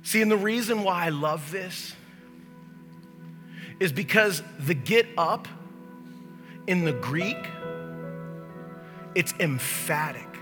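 High bright preaching man in a hall. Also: animated, slow pace, pauses often, faint music behind. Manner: builds from quiet teaching to shouted preaching. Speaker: pastor. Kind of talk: sermon. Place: church sanctuary. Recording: long reverb of a large hall.

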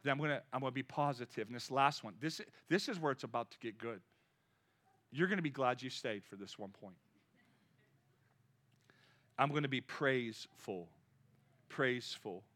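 A man in his fifties preaching a sermon with energy, swinging between loud exhortation and quiet storytelling. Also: medium pitch, normal speed, pauses often. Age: 50s. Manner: energetic preaching, rising loud then dropping to soft storytelling. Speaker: pastor.

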